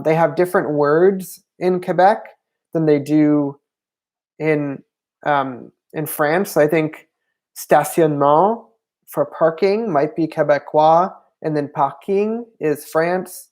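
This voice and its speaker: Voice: medium pitch, darkish tone. A language channel host answering viewer questions on a livestream, hesitant and thinking aloud with frequent ums.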